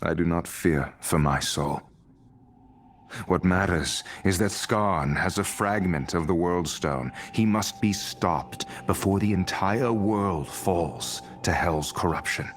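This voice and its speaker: A man's voice: low voice, takes it slowly, a little hiss or hum. An actor playing a grim, resolute male hero in a game, speaking tersely and sternly. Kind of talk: game cutscene voice acting.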